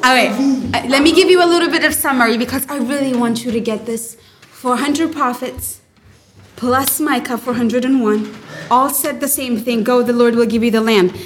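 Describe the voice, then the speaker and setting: A bright-toned woman with a fairly high voice teaches a small group in a room. She talks fast and playfully, slipping into character for the quotes and firing questions back at the class. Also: a crowd in the background. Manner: animated, acts out quotes with rising pitch. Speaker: Bible study teacher. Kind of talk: lively group Bible lesson.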